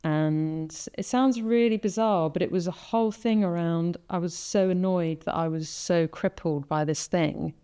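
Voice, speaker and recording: A woman hosts a podcast in a low, smooth voice. She tells personal stories in easy conversation, animating them by playing out her own inner thoughts. Her tone is mellow and relaxed. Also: measured pace, few pauses. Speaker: podcast host. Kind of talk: casual conversation.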